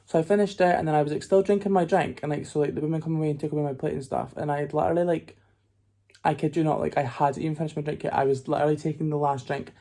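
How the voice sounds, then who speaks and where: A man's voice: a little high, steady tone, rapid-fire, warm tone, dry recording. A young man, rambling casually with lots of fillers as he vlogs his trip, filming himself on a phone outdoors. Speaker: vlogger. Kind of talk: casual travel vlog talk.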